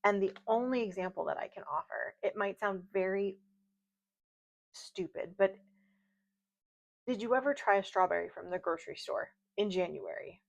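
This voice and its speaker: Chatty woman tarot reader, gravelly. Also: medium pitch, fairly even intonation, normal speed. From United States. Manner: chatty, rambling, warm-hearted asides with light laughs. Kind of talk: casual tarot reading monologue. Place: home at night, outdoor noise faint. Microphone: video call style home recording. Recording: slightly dull, lo-fi home recording.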